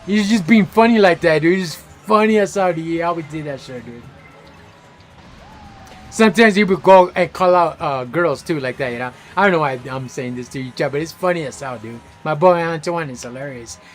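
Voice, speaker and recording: Animated slangy man streamer, higher voice. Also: fairly quick, soft background music. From Los Angeles area. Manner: animated, slangy, swears freely, laughs loudly. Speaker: game streamer. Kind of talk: casual storytelling chat while gaming.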